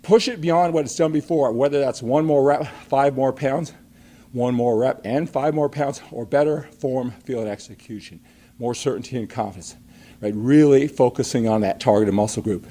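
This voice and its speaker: Emphatic male fitness coach, mellow voice. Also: mid-range voice, moderate pace. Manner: emphatic, coaching, asks rhetorical questions. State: out of breath after a set. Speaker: fitness coach and live show host. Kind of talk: live-streamed workout talk.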